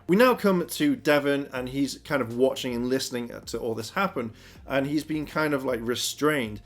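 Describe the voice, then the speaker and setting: A TV episode reviewer recaps an episode casually, rambling and leaning heavily on fillers like "kind of" and "you know." His voice is medium-pitched and his pace moderate.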